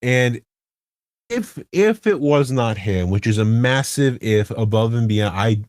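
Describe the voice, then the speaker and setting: A man's voice: medium pitch, animated, measured pace, darkish tone, no echo. Male podcast host, mid-range voice, rambling and self-correcting, dry studio sound. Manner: rambling, self-correcting, builds points with rhetorical questions. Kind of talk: casual podcast chat about online game politics.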